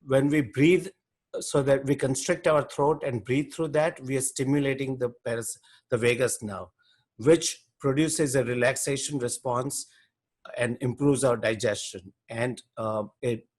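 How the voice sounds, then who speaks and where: A man's voice: mid-range voice, steady tone, unhurried, a little mellow. A man co-leading a yoga workshop, explaining how breathing affects the body, with small restarts.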